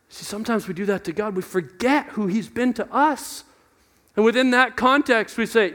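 A man's voice: high-pitched, normal speed, a bit bright. A young adult man preaching a conversational sermon, questioning himself aloud and acting out voices in quotes. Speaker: pastor.

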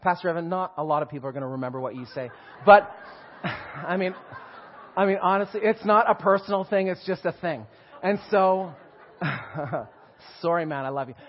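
A man in his forties tells his personal testimony to a church. He speaks with emotion and animation, laughing and swinging from hushed to loud. His voice sits high for a man, and the sound is dull and muffled. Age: 40s. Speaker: guest speaker giving testimony.

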